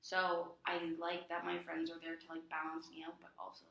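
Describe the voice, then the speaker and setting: A woman's voice: on the low side, monotone, normal speed, creaky, sharp tone, a little hiss or hum. A young woman talking casually as a counseling client, chatty with lots of fillers, often acting out what others say. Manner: chatty, many fillers, acts out quoted friends. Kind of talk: casual conversation. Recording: echoey room.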